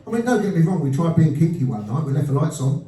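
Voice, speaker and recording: A man in his fifties doing a stand-up comedy set, with blunt, deadpan storytelling and crude punchlines, recorded at a live venue with audience laughter behind him. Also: fairly high pitch, fast talker. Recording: roomy live venue sound from a distance.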